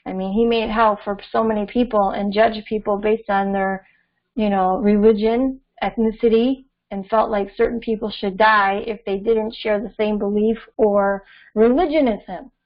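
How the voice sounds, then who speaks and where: A woman's voice: medium pitch, fairly even intonation, normal speed. A young adult woman hosting an astrology channel, talking in a rambling, preachy way with many fillers. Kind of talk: casual opinion monologue. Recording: dull lo-fi audio.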